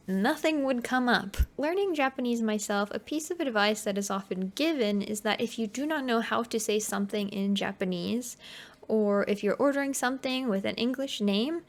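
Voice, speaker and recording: A woman hosting a commentary video, talking casually and bluntly, swearing and laughing as she explains. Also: on the high side.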